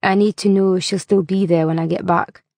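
A woman voicing a weary, scruffy middle-aged male hitchhiker who talks in a glum, defensive monotone. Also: on the low side, normal speed, no room sound.

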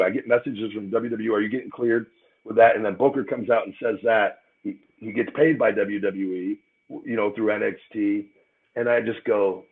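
A man's voice: fairly low pitch, steady tone, fairly quick. A man speaking as an interview guest, blunt and profane, often restarting his words as he tells his side. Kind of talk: heated live interview. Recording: tinny phone-line call audio.

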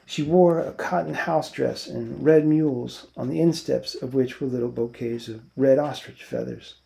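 Teacher guy reading a novel aloud, gravelly, dark mellow voice, steady pace. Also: mid-range voice, moderate pace. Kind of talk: read-aloud narration.

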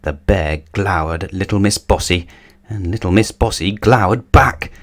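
A man's voice: deep voice, normal speed. A man reading a children's picture book aloud as a bedtime story, telling it expressively.

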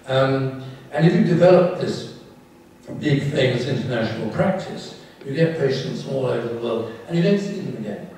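Older English surgeon, dry self-deprecating lecturer, recorded from afar in a reverberant hall. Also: male voice, medium pitch, expressive, normal speed, mellow, a little hiss or hum. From England. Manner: wry, candid, self-deprecating asides. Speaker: neurosurgeon giving a talk. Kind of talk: public talk with audience questions. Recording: echoey hall from far off.

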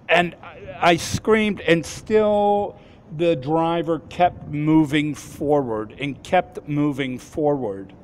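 Slow, halting man in his fifties. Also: a little high, slight background noise. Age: 50s. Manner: halting, with frequent restarts and repeated words. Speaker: formerly homeless man recounting an experience. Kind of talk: personal storytelling.

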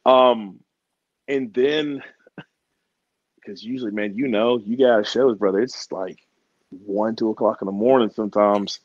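A man's voice: on the low side, measured pace, long pauses, darkish tone, dry recording. Chill slangy guy chatting in an interview, laughs a lot, kinda muffled dry audio. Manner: laid-back, slangy, laughs often. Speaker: wrestler guest. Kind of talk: casual interview chat.

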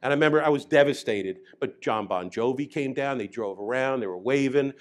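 A middle-aged man, a chiropractor telling an animated story to an audience. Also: medium pitch, fairly quick. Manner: animated, grows loud and excited as the story builds. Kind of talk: storytelling talk.

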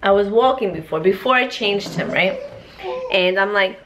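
A woman chats straight into a handheld camera at home, spinning a casual story in a lively, animated way. She tosses in playful sound effects as she goes. Her voice sits at an ordinary middle pitch, with a faint hiss of noise behind it. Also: moderate pace. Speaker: vlogger and mother.

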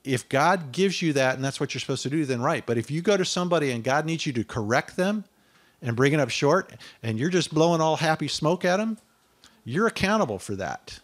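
A man preaching a sermon, reading scripture aloud and stopping to ask his listeners whether they follow, often rising to loud declamation on the quoted verses. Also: a little high, lively intonation, brisk. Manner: conversational asides asking the listener.

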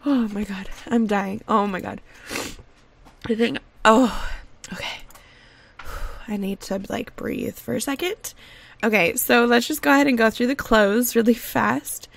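Excitable woman, higher voice with vocal fry, gushing game commentary at home on a desk mic. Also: measured pace. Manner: gushing and excitable, repeated exclamations; rambling with fillers and restarts. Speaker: gaming video creator. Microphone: desk USB microphone.

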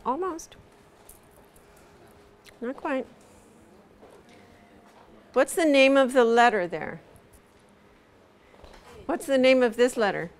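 A woman teaching English pronunciation in a live lesson, patiently drilling vowel sounds slowly over and over. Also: sits high, lively intonation.

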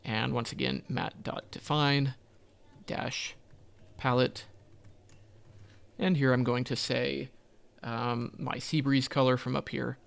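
A man's voice: mid-range voice, little pitch movement, takes it slowly, creaky, long pauses, clean tone. A man teaching a coding tutorial, thinking aloud as he types, with frequent ums and self-corrections. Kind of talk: screen-recorded coding walkthrough.

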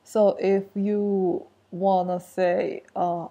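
Slow, mellow-voiced woman teaching. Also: medium pitch, flat delivery, lo-fi sound. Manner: repeats phrases, explains step by step. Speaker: language teacher. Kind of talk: casual language lesson.

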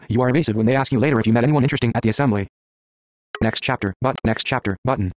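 A man's voice: mid-range voice, darkish tone, slight background noise. A man reading an interactive story game aloud, stumbling, restarting, and muttering menu words between lines.

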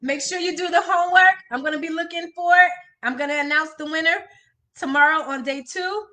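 A woman's voice: very high-pitched, a little fast. A woman, a life coach signing off her live stream, effusive and encouraging, calling out viewers by name. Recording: music playing loudly behind her. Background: loud music.

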